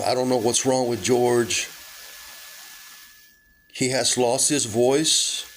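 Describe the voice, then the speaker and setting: A sick vlogger with a weak, medium-pitched voice rambles casually from his car, halting often and filling his speech with fillers and restarts. The audio is poor, with a little hiss or hum.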